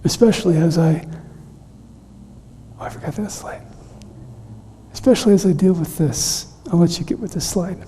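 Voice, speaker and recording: A middle-aged man preaching a sermon in a weakened, hoarse voice. He speaks with emotion, haltingly, and often drops to a whisper. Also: high voice, mellow. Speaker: pastor. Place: church sanctuary. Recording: reverberant church hall.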